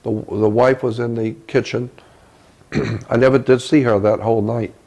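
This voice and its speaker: An older man tells a story from his own past, his voice rough and gravelly. The tone is dark and mellow, and he stumbles and repeats words as he searches for what to say. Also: medium pitch, steady tone. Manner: halting, repeats words mid-sentence. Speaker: researcher telling a personal story. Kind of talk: first-person storytelling.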